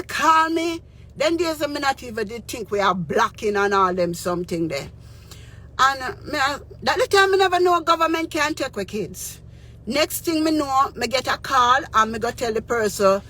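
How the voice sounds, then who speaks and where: A woman's voice: fairly high pitch, animated, normal speed, sharp tone. A woman with a Jamaican accent tells a personal story earnestly. She mixes Patois with English and keeps checking in with the listener. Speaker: radio DJ and spiritual advisor.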